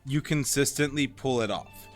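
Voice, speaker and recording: A man who owns the game shop hosting the stream, chatting in a relaxed, rambling way. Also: mid-range voice, moderate pace, soft background music. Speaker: game shop owner and player. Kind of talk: casual chat. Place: indoors in his game shop.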